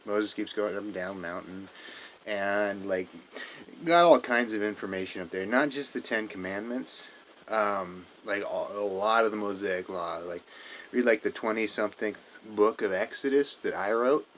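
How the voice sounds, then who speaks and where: A man's voice: fairly low pitch, moderate pace, a bit bright, a little hiss or hum, natural voice, poor audio. Sex: man. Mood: rambling. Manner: rambling, slangy, full of fillers and swearing. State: drunk. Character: drunk rambling male Jesus, laid-back slacker. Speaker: narrator. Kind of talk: comedic monologue retelling a story.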